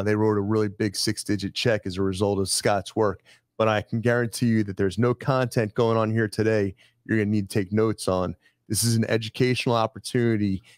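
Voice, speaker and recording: A man hosting a casual studio chat, brisk and jokey as he runs through a list of items. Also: lowish voice, no room sound. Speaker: host. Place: studio filled with sports memorabilia.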